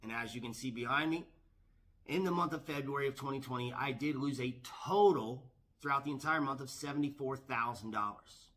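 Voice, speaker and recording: A man telling a storytime vlog as a professional gambler, emphatic and repetitive, often pushing his voice loud. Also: medium pitch, a little fast, slight background noise.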